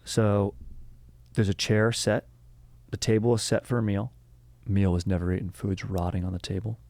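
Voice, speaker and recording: A man's voice: on the low side, flat delivery, normal speed, darkish tone, no echo. A young man hosting a history podcast, telling the story in a rambling, joking way and breaking off to correct himself. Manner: rambling, joking, self-interrupting. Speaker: podcast host. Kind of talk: casual history podcast chat.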